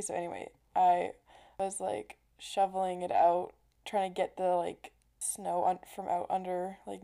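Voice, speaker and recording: A woman's voice: mid-range voice, warm tone. A young adult woman hosting her own podcast, talking in a casual, rambling way with lots of "like" and the odd swear word. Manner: chatty and rambling, heavy use of "like", casual swearing. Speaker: podcast host. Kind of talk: casual solo podcast chat.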